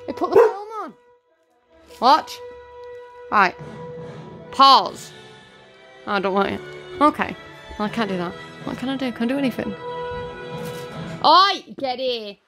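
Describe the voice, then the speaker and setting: A woman filming her dog at home on a phone, talking to it and about it in an excitable, chatty way. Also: on the high side, unhurried, long pauses, music in the background. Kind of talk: casual home video commentary.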